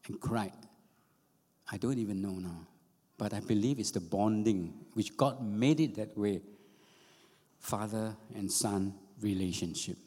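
Middle-aged pastor, earnest, repeats himself, lowish voice, hall echo. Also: male voice, dark tone. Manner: earnest, repeats phrases for emphasis. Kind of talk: sermon. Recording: long reverb of a hall.

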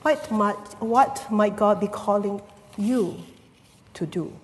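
A woman's voice: medium pitch, takes it slowly. Woman preaching in a reverberant hall. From Singapore. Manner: teacherly, unpacking Greek words with rhetorical questions. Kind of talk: sermon. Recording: long reverb of a church hall.

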